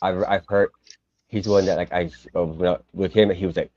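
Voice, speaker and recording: A man chatting casually on a live stream, rambling and sweary, with halting restarts, over a video call mic. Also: sits low, steady tone, background noise. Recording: dull lo-fi stream audio.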